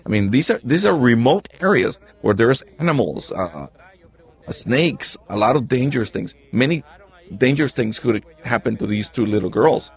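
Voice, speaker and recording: A middle-aged man, a news reporter, telling stories in an interview in a halting way, with many restarts and fillers. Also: mid-range voice, animated, slightly rough. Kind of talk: interview storytelling.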